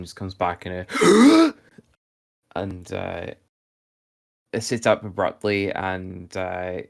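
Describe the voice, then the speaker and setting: Male GM, low voice, halting, filler-heavy narration. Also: vocal fry, clean tone. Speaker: game master. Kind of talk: narrating a tabletop game.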